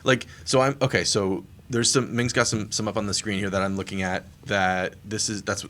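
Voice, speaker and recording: Man, podcast co-host, casual chat, frequent laughs and fillers, fairly low voice. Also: steady tone, moderate pace, a bit bright, a little hiss or hum. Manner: laughs often, many fillers and restarts.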